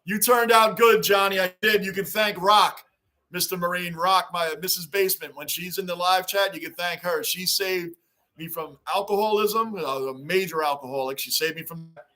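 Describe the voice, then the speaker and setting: Excitable bright-voiced male livestream host. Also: high-pitched, normal speed. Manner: excitable, repeats himself for emphasis. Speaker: livestream host reading fan chat. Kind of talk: casual livestream chat. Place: home basement.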